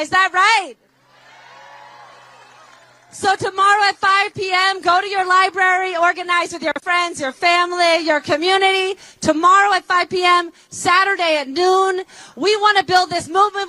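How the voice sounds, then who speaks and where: A woman's voice: very high voice, pushed and bright, dry recording, rough recording. A woman organizer giving a rally speech to a crowd outdoors, rousing and leading chants. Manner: rousing, leads call-and-response chants.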